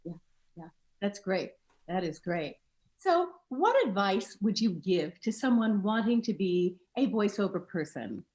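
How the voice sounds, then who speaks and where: A woman's voice: mid-range voice, very animated, a little slow, a little mellow. A woman hosting an interview, asking her guest questions and offering short affirmations. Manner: brief affirmations, friendly questions. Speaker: interview host. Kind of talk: casual interview.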